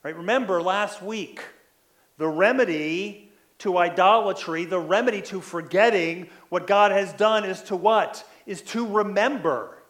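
Male pastor, high voice, conversational sermon, habitual "right?" tags. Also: a little slow, a bit bright, echoey room. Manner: frequent "right?" tag questions, acts out quoted lines.

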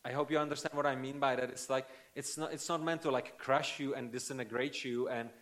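A man's voice: medium pitch, steady tone, a little fast, a bit bright. A man preaching a sermon in an earnest, conversational way, often checking in with the listeners. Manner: earnest, conversational, frequent tag questions.

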